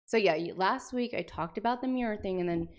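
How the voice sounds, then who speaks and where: A woman's voice: medium pitch, brisk. A young adult woman chatting casually on a livestream, reading aloud and reacting with jokey, sweary asides. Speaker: streamer.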